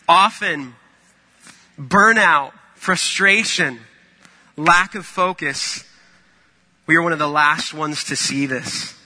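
A man's voice: on the high side, pushed and bright, big-room sound. A man preaching a sermon in a conversational, storytelling way. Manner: conversational, storytelling with acted-out quotes.

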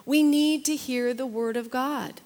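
A woman's voice: high voice, a little slow, darkish tone, big-room sound. A woman teaching a Bible study in a chatty, earnest way, repeating phrases for emphasis. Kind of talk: conversational sermon.

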